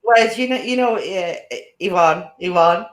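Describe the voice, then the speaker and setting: A woman's voice: fairly low pitch, a little slow, echoey room. A woman hosting a casual chat, rambling along and laughing often. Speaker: podcast host.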